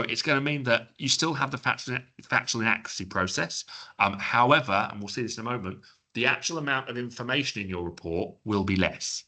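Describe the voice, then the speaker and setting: A man giving a webinar presentation, explaining in an informal, chatty way with joking asides and quick self-corrections. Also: mid-range voice, sharp tone.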